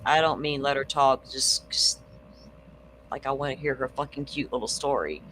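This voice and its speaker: A woman hosting a casual true crime livestream, blunt and swearing freely as she thinks out loud. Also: extremely low pitch, normal speed, a little hiss or hum, rough recording.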